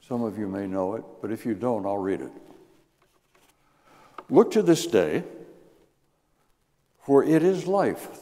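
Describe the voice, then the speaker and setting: A man preaches from the pulpit, his dark, mellow voice rising and falling with lively emphasis as he reads scripture aloud. The long reverb of a church hall trails behind every phrase. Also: medium pitch. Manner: expressive, measured reading with lively rises. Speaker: guest preacher. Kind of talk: sermon. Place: church sanctuary.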